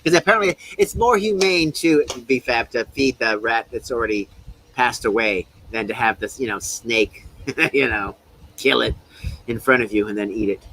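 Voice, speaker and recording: A man hosting a livestream, chatting casually in a relaxed way and chuckling as he talks. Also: mid-range voice, normal speed, rough recording. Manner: relaxed, chuckles while talking. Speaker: livestream host. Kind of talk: casual chat.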